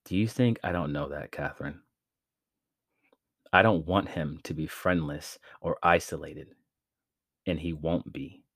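A man's voice: a bass voice, measured pace, pauses often, a bit bright, no room sound, studio quality, heavily acted. A man voicing a protective father who speaks firmly and urgently, in an audiobook-style reading. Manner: firm, urgent, reassuring.

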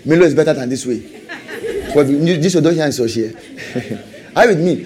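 Over background noise, a man preaches a sermon, calling for amens in call-and-response and rising to emphatic, repeated questions. His voice is a little high, at normal speed.

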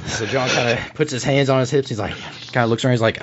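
A man's voice: medium pitch, fast talker, background noise. A young man narrating a tabletop role-play game as game master, often stammering and laughing. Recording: dull lo-fi recording.

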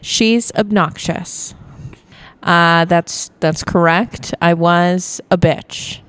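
Young woman stand-up guesting on a bar podcast, low and smooth, deadpan self-mockery. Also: slow pace, dry recording. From Virginia, US. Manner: dry, self-deprecating storytelling. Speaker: guest comedian. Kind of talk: casual bar podcast chat.

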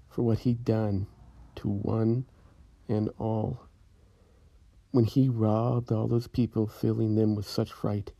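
A man narrating a spooky rhyming story in a slow, brooding, measured way. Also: lowish voice, vocal fry, dark tone, dry recording.

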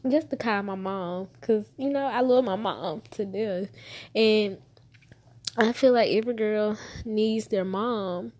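Slow-talking young woman holding back tears. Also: medium pitch, a little mellow, no echo. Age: 20s. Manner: emotional, heartfelt, repeats herself. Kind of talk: personal storytelling monologue.

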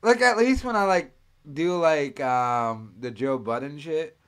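A man rambles through a loose, profane rant and laughs as he talks. His pitch swings widely and stays fairly high for a man, with a smooth, clear tone. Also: expressive, unhurried. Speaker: host. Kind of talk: casual commentary.

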